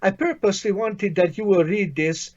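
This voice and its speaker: A man's voice: sits high, moderate pace, darkish tone, highs cut off. A man teaching a language lesson online, patient and encouraging, praising his student often.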